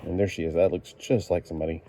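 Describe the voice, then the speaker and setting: Man, deep low voice, casual comic book review, rambling, lots of fillers and self-corrections. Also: fairly even intonation, quick pace, mellow.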